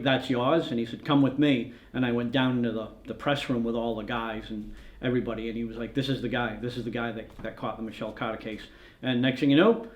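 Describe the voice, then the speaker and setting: A male news photographer rambles through his anecdotes in a documentary interview, acting out what each person said. His voice sits at an ordinary middle pitch for a man. The room around him rings with a noticeable echo. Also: muffled recording. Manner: rambling storyteller who acts out quoted dialogue. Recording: roomy echo.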